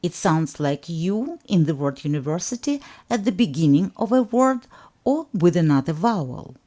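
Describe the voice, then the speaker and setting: A woman teaching alphabet pronunciation, speaking deliberately and enunciating each sound so it can be repeated. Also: lowish voice, big pitch swings, dark tone. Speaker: language teacher. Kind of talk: slow instructional narration.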